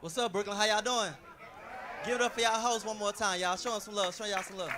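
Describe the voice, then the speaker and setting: A man's voice: sits high, steady tone, fast, over a noisy crowd. A man from St. Louis doing a laid-back, conversational stand-up set. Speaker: stand-up comedian.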